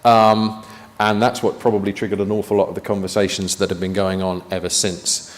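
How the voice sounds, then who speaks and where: A man's voice: fairly low pitch, flat delivery, a little fast. Joking man in an echoing hall. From United Kingdom. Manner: chatty, joking asides. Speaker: conference presenter. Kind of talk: conference talk. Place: conference meeting room. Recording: long reverb of a meeting hall.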